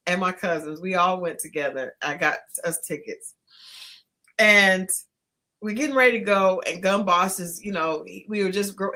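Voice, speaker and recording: A woman co-hosting a casual podcast, telling a story in an animated way, laughing often and acting out what people said. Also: mid-range voice. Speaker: podcast co-host.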